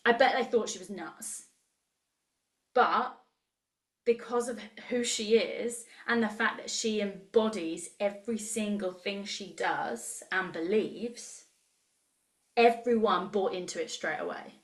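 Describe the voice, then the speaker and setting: A woman's voice: medium pitch, takes it slowly. A woman in her thirties, leading a live online coaching session in an enthusiastic, chatty way and reacting to messages from the chat. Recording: roomy echo.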